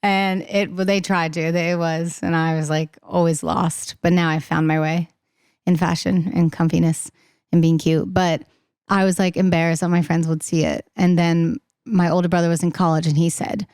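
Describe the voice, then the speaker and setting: A young woman in casual podcast chat as a singer-songwriter guest, talking fast and laughing, acting out the voices she quotes. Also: on the low side, level tone, a little mellow, clean tone, no echo, clean studio sound.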